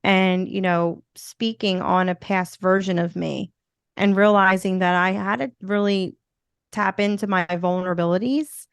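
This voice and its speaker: A woman with a Philadelphia accent talks in a smooth, resonant voice, upbeat and rambling, with plenty of "you know" fillers. She sits as a guest in a relaxed interview chat. The sound is close and dry, with no room around it. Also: mid-range voice, unhurried, no room sound. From Philadelphia, USA. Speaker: podcast guest, motivational speaker.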